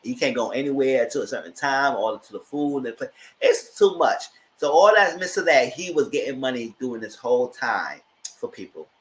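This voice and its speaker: A man giving a casual recap, switching to high-pitched exclamations when he acts out reactions. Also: lively intonation, moderate pace, low-quality recording. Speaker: YouTube reviewer.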